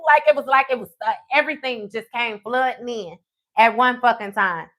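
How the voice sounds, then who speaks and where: A woman tells a personal story in a live stream, animated and profane, often checking in with "okay?". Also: high voice, a little fast. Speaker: tarot reader.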